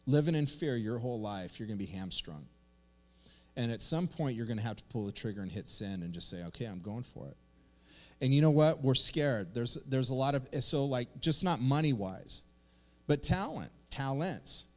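Middle-aged male pastor, casual animated sermon delivery, mid-pitched voice, long hall reverb. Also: moderate pace. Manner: animated, conversational, acts out quotes. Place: church sanctuary.

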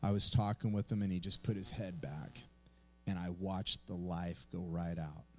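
A man's voice: low-pitched, steady tone, moderate pace, a bit bright, slight background noise. A man preaching a sermon, telling a personal story in a conversational way and then reading scripture aloud. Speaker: pastor.

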